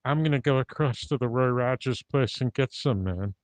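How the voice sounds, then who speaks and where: A man doing an impression of a famous entertainer, speaking in a smooth, laid-back manner. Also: mid-range voice, normal speed, darkish tone, no room sound, close to an everyday voice. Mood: cool. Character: famous cool entertainer, suave older man. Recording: dull dry lo-fi recording.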